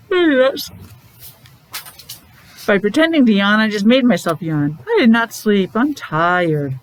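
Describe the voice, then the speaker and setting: A woman's voice: mid-range voice, expressive, a little slow, pauses often, low-quality recording. Sing-song woman teacher coaxing small kids. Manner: sing-song, exaggerated and encouraging toward small children. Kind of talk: morning meeting for young children.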